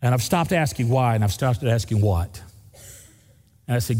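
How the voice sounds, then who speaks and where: Preacher, mid-pitched, animated delivery, long church reverb. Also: male voice, normal speed, husky. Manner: lively preaching, swings up high for emphasis, asks the congregation questions. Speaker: pastor. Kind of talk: sermon. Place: church sanctuary.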